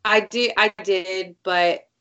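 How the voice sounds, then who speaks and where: A woman chatting casually as a podcast co-host, her voice of medium pitch. She tells stories in an animated way, acting out what people said and swearing freely. The sound is a little dull and lo-fi. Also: takes it slowly. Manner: animated storytelling, acts out quotes, swears freely. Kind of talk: casual chat.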